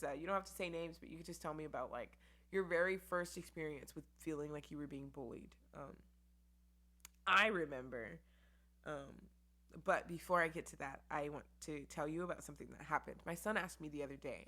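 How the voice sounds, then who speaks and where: Low-voiced woman hosting a casual podcast. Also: bright, forceful tone. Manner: candid, rambling, heavy on "um" and "like". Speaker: podcast host. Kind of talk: casual solo podcast chat. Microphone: camera with mic.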